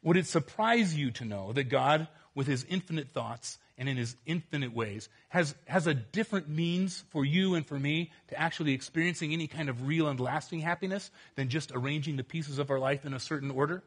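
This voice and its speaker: Husky-voiced male preacher. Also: fairly high pitch, fairly quick, few pauses. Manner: earnest, emphatic, rising to exclamations and dropping to quiet. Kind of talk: sermon.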